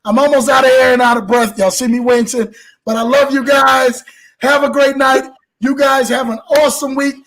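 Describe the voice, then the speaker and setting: A man hosting a live show, talking in an animated, preacher-like way and blessing his audience. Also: very high-pitched, normal speed, gravelly, low-quality recording. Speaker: show host. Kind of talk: exuberant live show wrap-up.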